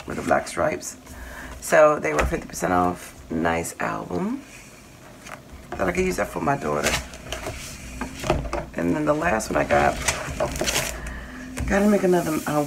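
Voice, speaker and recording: A woman's voice: sits low, wildly swooping pitch, measured pace, vocal fry, pauses often, background noise. A middle-aged woman hosting a casual crafting haul vlog, chatting in a rambling way and listing her finds with lots of fillers. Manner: chatty, rambling, lists items with many fillers. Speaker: crafting channel host.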